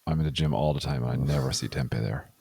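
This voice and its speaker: A man's voice: extremely low pitch, quick pace, gravelly, darkish tone, husky, no room sound. A man co-hosting a podcast, chatting casually with a sarcastic, profane manner. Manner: sarcastic, swears a lot. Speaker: podcast co-host. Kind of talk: casual chat.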